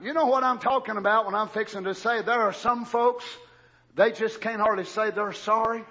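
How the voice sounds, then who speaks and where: Male preacher, very high, husky voice, swings from whisper to shout, dull lo-fi church recording. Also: fairly even intonation, normal speed. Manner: swings from low murmurs to loud shouted preaching. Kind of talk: sermon.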